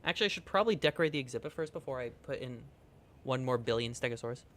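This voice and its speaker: A man's voice: mid-range voice, animated, very fast, fairly bright tone. A man streaming a video game, chatting casually with viewers in a playful, rambling, jokey way with some swearing. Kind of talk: casual game livestream chat.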